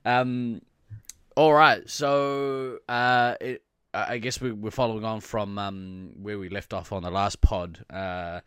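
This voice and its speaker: A man co-hosting a podcast in casual chat, his voice a little rough from being sick, laughing often and rambling with many fillers. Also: lowish voice, steady tone, slow, a bit bright, no echo, clean studio sound. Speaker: podcast co-host.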